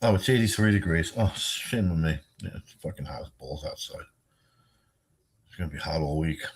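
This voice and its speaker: A man's voice: extremely low pitch, lively intonation, normal speed, a little hiss or hum. A tired older man hosting a rambling, profane late-night livestream, chatting loosely with his viewers and yawning. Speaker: livestream host.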